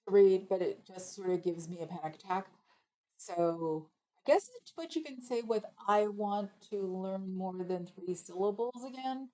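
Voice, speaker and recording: Poor audio captures a fairly low-pitched, dark-toned voice belonging to a middle-aged woman from California. As livestream host, she reads chat comments aloud and chats casually in a rambling way.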